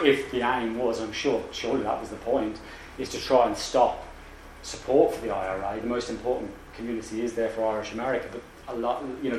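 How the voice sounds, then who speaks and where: A man's voice: medium pitch, darkish tone, a little hiss or hum. Guy lecturing in a hall, keeps restarting himself, roomy echo, mic kinda far off. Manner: halting, many restarts and asides. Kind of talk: academic lecture.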